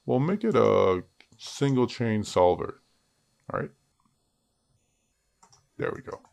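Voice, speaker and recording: A man's voice: medium pitch, sing-song, slow, vocal fry, darkish tone, no room sound. A man teaching 3D character rigging in a screen-recorded tutorial, chatty and joking at himself as he works. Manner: chatty, self-joking asides. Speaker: 3D rigging instructor.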